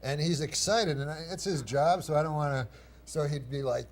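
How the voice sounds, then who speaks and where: A man, a guest comedian, telling a rambling anecdote in a dry, halting way, with chuckles and mimicked voices. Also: on the high side.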